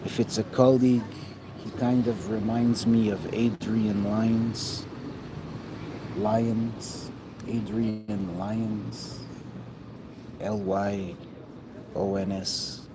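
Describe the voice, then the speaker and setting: A man's voice: fairly low pitch, fairly even intonation, slow pace. A man talking in a rambling, profane monologue that often trails off mid-thought. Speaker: vlogger. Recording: noticeable background noise.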